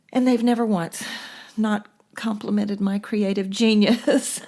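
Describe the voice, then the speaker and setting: A middle-aged woman hosting a casual monologue, chatty and lively, laughing often as she tells stories. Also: mid-range voice. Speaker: podcast host.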